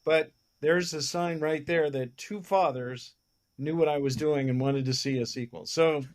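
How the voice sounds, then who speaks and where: A man's voice: fairly high pitch, unhurried. A man, a film producer, telling anecdotes in a casual interview and acting out the lines of the people in his stories. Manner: animated anecdote teller who acts out other people's lines.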